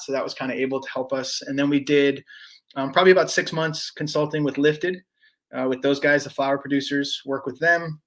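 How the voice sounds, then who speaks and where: Podcast guest, male, higher-pitched, loose and profane, rambling delivery with lots of restarts. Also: fairly bright tone. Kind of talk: casual conversational storytelling.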